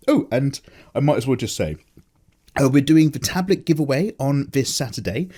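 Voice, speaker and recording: A man's voice: medium pitch, a little mellow. A tired man rambling casually and jokily as the host of an unedited chat. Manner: loose, chatty, jokey, many fillers. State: tired, low energy. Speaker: artist and channel host.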